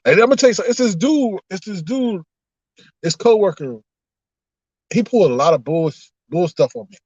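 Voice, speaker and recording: A man chatting casually on a livestream with his viewers, animated and laughing often as he drifts into preachy asides. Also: high-pitched, a little fast, slightly rough, dry recording, dull audio. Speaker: online streamer.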